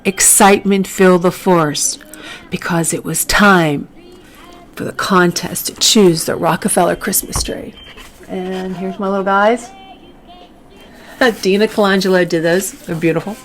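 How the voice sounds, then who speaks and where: A woman's voice: on the low side, slight background noise, low-quality recording. A woman author reading her children's book aloud, with chatty asides. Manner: chatty asides, laughs often.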